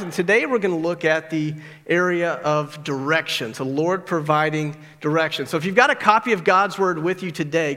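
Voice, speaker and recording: Bright high-voiced man preaching in a hall. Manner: conversational, frequent "like" and "right?" asides. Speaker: pastor. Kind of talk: sermon. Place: church sanctuary. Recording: long reverb of a large hall.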